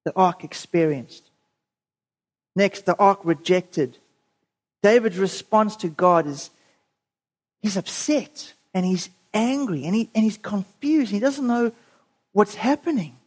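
A preacher giving a sermon, telling a story in a lively way and acting out the voices of the people in it. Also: medium pitch, slow pace, long pauses.

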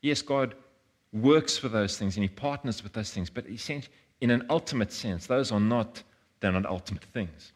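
A man's voice: fairly low pitch, normal speed, breathy edge. A man, preaching a sermon in an earnest way, often repeating words and acting out voices. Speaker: pastor.

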